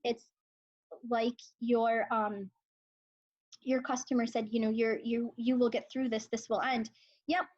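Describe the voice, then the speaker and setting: A woman in her forties speaks a touch higher than most, sharing stories as a guest with heartfelt, halting earnestness. The audio is dull and lo-fi, with the top end muffled. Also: level tone, darkish tone. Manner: emotional, earnest storyteller with many fillers. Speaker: high school English teacher, guest. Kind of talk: conversational interview.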